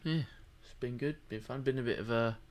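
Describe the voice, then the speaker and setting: A man's voice: medium pitch, brisk, a little hiss or hum. A tired man co-hosting a podcast, rambling and joking through a casual late-night chat. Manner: rambling, joking, laughs often. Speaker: podcast co-host.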